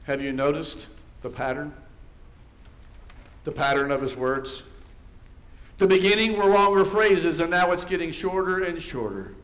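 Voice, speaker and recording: Male pastor, fairly high voice, slow prayerful sermon delivery with hushed and loud passages, rhetorical questions. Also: lively intonation. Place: church sanctuary.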